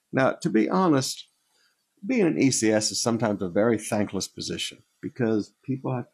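A pastor teaching a sermon, reading scripture verses aloud and then explaining them in plain, direct words. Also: male voice, mid-range voice, darkish tone, husky.

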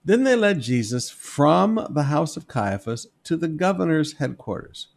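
A man preaching a sermon, reading scripture aloud and commenting on it in an animated, wry way. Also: on the high side, a little slow, vocal fry. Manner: animated, wry, reads passages with emphatic quoted voices. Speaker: pastor.

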